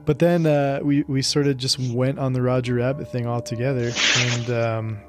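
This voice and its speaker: A man's voice: medium pitch, little pitch movement, normal speed, faint music behind. Profane, laughing man telling stories. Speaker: podcast host. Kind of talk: casual podcast chat.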